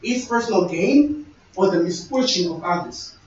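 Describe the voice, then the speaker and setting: High-voiced young man preaching in an echoey room. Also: animated, moderate pace. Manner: conversational, storytelling with quoted dialogue. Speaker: speaker. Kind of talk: sermon-style talk. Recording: echoey, distant, dull-sounding room recording.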